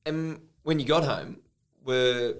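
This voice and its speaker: A man's voice: medium pitch, takes it slowly, clear, resonant tone. A man hosting a casual interview, asking easygoing questions. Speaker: podcast host.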